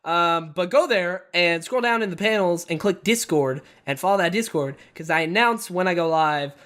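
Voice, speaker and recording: A man's voice: high voice, moderate pace. A man talking as a podcast guest in casual chat, telling stories and cracking jokes. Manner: animated, joking storyteller.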